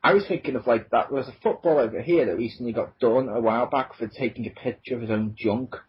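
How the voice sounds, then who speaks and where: A man's voice: mid-range voice, fast, a little hiss or hum. A man co-hosting a casual podcast chat, joking around and slipping into mock voices. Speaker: podcast co-host. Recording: dull lo-fi podcast audio.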